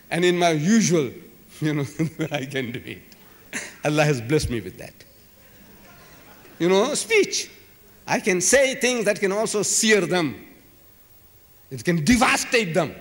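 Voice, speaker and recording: Guy lecturing a crowd, fairly high voice swinging all over, big echoey hall. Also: a bit bright. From South Africa. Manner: emphatic, dramatic, repetitive rhetoric. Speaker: public lecturer. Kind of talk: public lecture to a live audience. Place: large civic hall.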